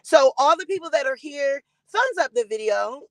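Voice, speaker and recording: A woman's voice: sits high, lively intonation, normal speed, fairly bright tone, no room sound, poor audio. A woman hosting a live-stream gossip commentary, blunt and defiant, swearing freely and greeting chat viewers by name.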